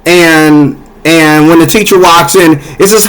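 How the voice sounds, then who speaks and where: A man's voice: fairly high pitch, fairly even intonation, measured pace, fairly bright tone, rough recording. A man giving casual, heated commentary straight to his viewers, repeating himself as he builds his point. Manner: heated, repetitive, talks to viewers directly.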